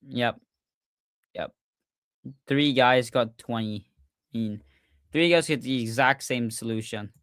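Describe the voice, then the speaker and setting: Excitable young man, smooth dry voice. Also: mid-range voice, no echo. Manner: excitable, stumbling, repeats "insane". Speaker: podcast host. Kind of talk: casual livestream recap.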